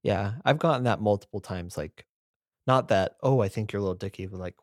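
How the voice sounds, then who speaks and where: A man co-hosting a casual podcast, chatting in a jokey, animated way. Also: lowish voice, a little fast, no echo, clean studio sound. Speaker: podcast co-host. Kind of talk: casual chat.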